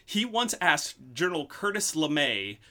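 Podcast host, male, bright, a little high, meandering storyteller with frequent fillers. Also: sing-song, measured pace. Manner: rambling storyteller with many ums. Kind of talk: casual podcast chat.

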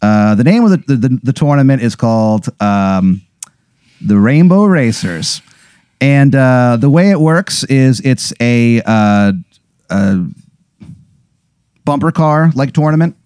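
Lively man narrating a comedy scene. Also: medium pitch, takes it slowly, smooth, dry recording, clean studio sound. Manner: rambling, profane, laughing storyteller. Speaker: game master.

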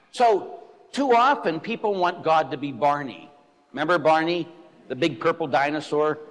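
A man, a Catholic priest, giving a blunt, animated, joking sermon to his listeners. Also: sits high. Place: church. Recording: echoey church hall.

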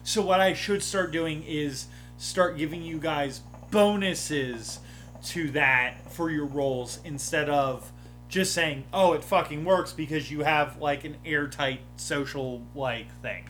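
Animated swearing game master. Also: male voice, on the high side, slow, faint music behind. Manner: animated, acts out table dialogue, swears. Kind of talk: casual chat.

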